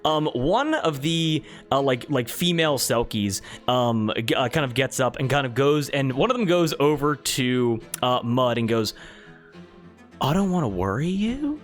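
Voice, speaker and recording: A man's voice: medium pitch, animated, normal speed, hardly any pauses, faint music behind. A man running a tabletop game as game master, narrating with many hesitations and restarts.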